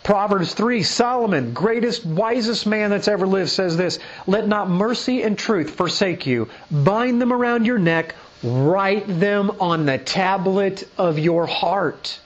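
Preaching in a high-pitched voice, a male pastor takes his time yet barely pauses. He presses his teaching emphatically through rhetorical questions and scripture readings. The audio is dull.

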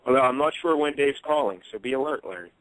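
A fast-talking man co-hosts a casual radio chat with dry, teasing banter. His voice sits mid-range and sounds close and dry, with no room echo. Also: mid-range voice, expressive, a bit bright. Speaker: co-host.

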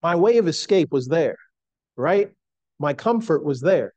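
Male preacher, middle-aged, earnest and emphatic, slightly high, dry sound. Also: expressive, darkish tone, no room sound. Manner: earnest, slow emphatic delivery. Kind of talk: sermon.

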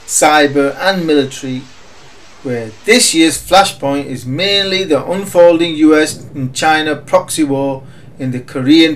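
A man reading scripted market commentary in an emphatic, sardonic way. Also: fairly high pitch. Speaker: market analyst.

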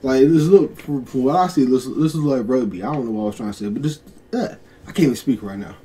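A young man giving casual reaction commentary as a video host, excitable, laughing often and stumbling over his words. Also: mid-range voice, fast.

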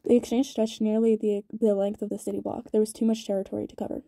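A woman reading a novel aloud, quick, with small stumbles and restarts. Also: mid-range voice, little pitch movement, mellow, dry recording. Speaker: audiobook reader.

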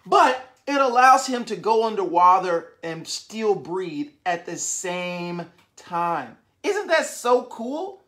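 A woman reading a picture book aloud to young children, animated and constantly asking the listeners questions. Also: medium pitch, slow, hardly any pauses.

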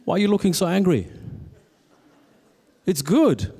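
A man's voice: high-pitched, sing-song, unhurried, warm tone, breathy edge, long reverb tail. A man with a German accent hosting an awards night on a theatre stage, playful and teasing, switching between English and German. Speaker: awards show host. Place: theatre stage before a live audience.

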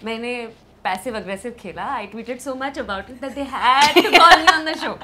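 Bright, gushing woman guest. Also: fairly high pitch, fast. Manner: gushing, excitable fan. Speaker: guest, TV actor. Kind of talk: casual podcast chat.

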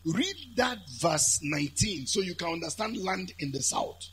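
A man with a Nigerian accent preaching a lively sermon, building to shouted, chanted high points. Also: moderate pace, slight background noise. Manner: animated, shouting and chanting at peaks.

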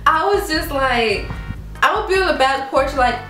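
Young woman vlogger, high-voiced and dramatic, recorded in an echoey room with faint music behind. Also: moderate pace, distant mic. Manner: animated, dramatic, mimics mom, laughs often. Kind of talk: casual storytelling vlog.

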